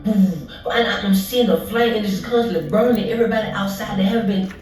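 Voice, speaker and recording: Recounted dream, halting, fillers, distant, roomy echo, music playing. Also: mid-range voice, fairly even intonation, a little hiss or hum. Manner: halting, many restarts and fillers. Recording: echoey, distant, with music behind.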